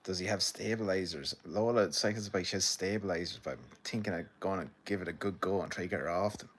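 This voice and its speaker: A deep-voiced Irish man hosts a casual live stream, chatting loosely with his viewers as he reads their comments. He rambles, swears freely and laughs along. His pitch sits low and steady. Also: fast talker. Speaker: livestream host.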